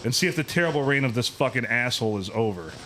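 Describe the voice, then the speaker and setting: A man, hosting a podcast, telling a profane, animated story in a casual, ranting way. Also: mid-range voice, fast talker, a little hiss or hum. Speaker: podcast host.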